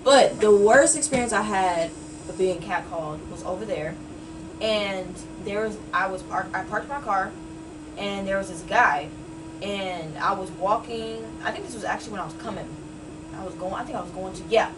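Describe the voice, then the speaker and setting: A woman's voice: mid-range voice, moderate pace, far from the mic, background noise. A woman in her early twenties, a podcast guest telling a personal story in casual chat, with many "like" and "you know what I'm saying" fillers. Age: early 20s.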